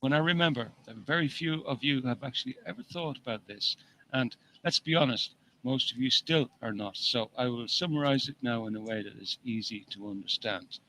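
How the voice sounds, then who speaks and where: A man's voice: medium pitch, a little fast, sharp tone, slight background noise, rough recording. A man co-hosting a casual talk show, rambling with frequent restarts and swearing freely as he reads long passages from an article. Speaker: podcast co-host. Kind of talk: casual chat, reading an article aloud.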